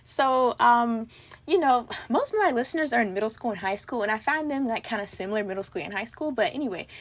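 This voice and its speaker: A woman's voice: fairly high pitch, expressive, fast. Bubbly teenage girl hosting a podcast. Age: teens. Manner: bubbly, upbeat, lots of "like" fillers. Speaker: podcast host. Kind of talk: casual podcast interview.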